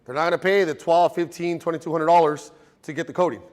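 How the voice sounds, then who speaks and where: Man, detailing instructor, slightly high voice, casual and joking, classroom teaching. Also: fairly even intonation, fast talker, darkish tone, big-room sound. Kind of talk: classroom teaching to a live group.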